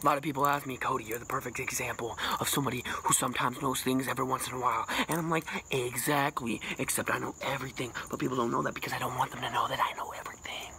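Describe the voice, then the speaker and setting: A man rambling as a boastful mock self-help guru, jumping between loud bursts and hushed whispers with a self-described put-on accent and lisp. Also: fairly even intonation, fast talker, gravelly, hardly any pauses, a little hiss or hum. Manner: rambling, boastful, absurd know-it-all; sudden pitch jumps and dropped whispers. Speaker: comedic vlogger.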